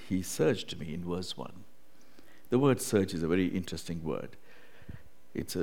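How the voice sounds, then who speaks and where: A man preaching a sermon, who keeps saying "you know" and "right?" and swings from booming emphasis down to hushed, almost whispered lines. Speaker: pastor.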